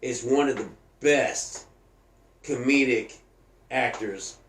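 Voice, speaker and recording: A man co-hosting a casual podcast chat, excitable and swearing constantly as he gushes about things he loves. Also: medium pitch, takes it slowly. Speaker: podcast co-host. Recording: echoey room with faint ambience.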